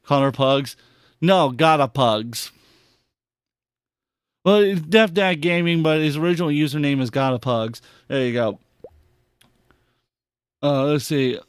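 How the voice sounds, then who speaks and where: A man hosting a podcast, reacting to clips in an excitable, heavily profane rant. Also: a little high, measured pace, pauses often, clear, resonant tone, no room sound, clean studio sound. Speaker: podcast host. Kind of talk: casual commentary on clips.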